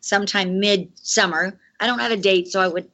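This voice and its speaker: A woman's voice: mid-range voice, moderate pace, bright, forceful tone, lo-fi sound. A woman who founded a clothing company, a guest on a radio interview, telling a story with many restarts and acted-out quotes.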